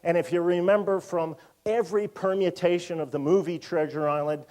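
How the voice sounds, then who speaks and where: A man in his fifties giving a public lecture in a museum auditorium, animated and full of joking asides. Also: high-pitched, a little fast. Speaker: university lecturer.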